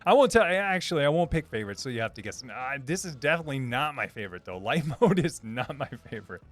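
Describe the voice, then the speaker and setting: A man's voice: mid-range voice, big pitch swings, quick pace, faint music behind. A man hosting a live stream, reading chat messages aloud in a casual, upbeat way, repeating himself with lots of fillers and restarts. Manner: upbeat, repeats words, many fillers and restarts, laughs often. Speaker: livestream host reading chat.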